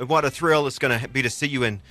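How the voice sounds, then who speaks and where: A man's voice: mid-range voice, fast, fairly bright tone. A male radio host interviewing a guest in an upbeat, promotional manner.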